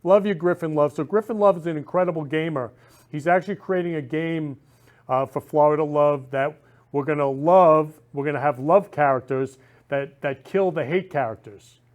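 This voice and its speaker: A man's voice: fairly high pitch, moderate pace. A man hosting a talk show, speaking casually and effusively, rambling and constantly saying he loves people. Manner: effusive, repeats "love" and "I love you" constantly; rambling with frequent restarts.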